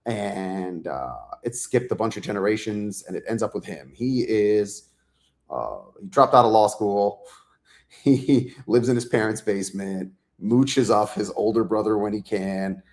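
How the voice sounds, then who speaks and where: Low-voiced man, rambling animated storyteller. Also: measured pace. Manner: animated storyteller, acts out quotes, swears freely; loose and rambling with many fillers. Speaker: author guest. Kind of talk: casual interview chat.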